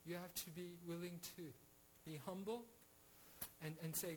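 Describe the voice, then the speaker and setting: High-voiced man teaching a Bible study. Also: flat delivery, brisk, a little mellow, slight background noise, rough recording. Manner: earnest, many restarts and rhetorical "right?".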